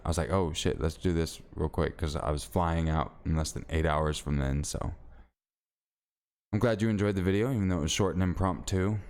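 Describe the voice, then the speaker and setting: A man's voice: very deep voice, a little mellow, clear, resonant tone. A man streaming live, chatting casually with viewers and reading stories aloud in a laid-back, rambling way.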